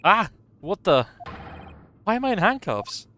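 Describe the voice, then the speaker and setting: A man's voice: medium pitch, big pitch swings, takes it slowly, a bit bright, a little hiss or hum. A man reading a game aloud as a bewildered young man, stammering and flustered.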